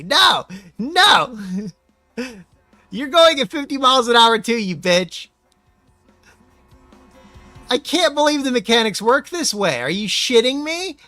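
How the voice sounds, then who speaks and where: A man's voice: very high-pitched, big pitch swings, slow, pauses often, no echo, soft background music. Swearing, exasperated man streaming a racing game. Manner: profane, exasperated ranting with sudden yelled outbursts. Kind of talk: live gameplay commentary.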